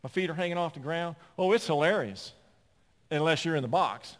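A man in his sixties preaching a sermon, telling stories and swinging from loud, emphatic points to quiet asides. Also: fairly high pitch, fairly quick. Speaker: pastor. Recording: long hall reverb.

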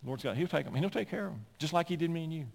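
A man preaching a sermon as a pastor, animated and climbing at times to near-shouting. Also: a little high, rapid-fire, gravelly. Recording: long hall reverb.

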